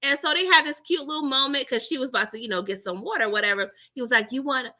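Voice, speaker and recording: Woman host, animated live-stream recap chat; very bright, raised voice, chatty with frequent laughs. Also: high-pitched, fast talker. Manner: animated, chatty, laughs often, tags lines with "okay?" and "girl".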